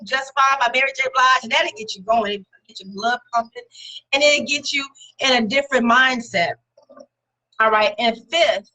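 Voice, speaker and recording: A woman's voice: a little high, pushed and bright, poor audio. A woman giving a casual motivational talk to her viewers, encouraging and conversational, leaning on repeated words for emphasis. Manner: speaks directly to viewers and names them.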